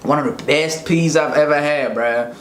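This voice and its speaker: Animated, slangy man telling stories. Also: fairly high pitch, moderate pace. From Africa. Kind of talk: casual comedic storytelling. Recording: echoey room, faint noise.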